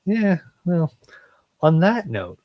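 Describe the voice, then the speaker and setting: A man's voice: sits high, sing-song, slow, dry recording, muffled recording. A man co-hosting a casual podcast who teases his partner with dry humor. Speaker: podcast co-host.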